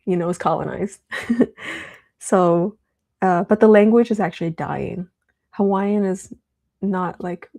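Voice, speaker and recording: A young woman hosts a casual live stream, talking in a loose, rambling way with plenty of fillers. Her voice has a gravelly edge and a mellow, darker tone. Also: medium pitch. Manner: chatty, rambling, with many fillers. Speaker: livestream host.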